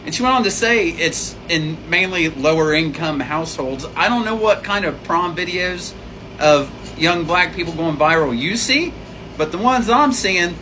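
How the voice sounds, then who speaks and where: A man's voice: fairly high pitch, lively intonation, normal speed, noisy background. A man giving blunt, sarcastic reaction commentary, a parent speaking plainly and scolding.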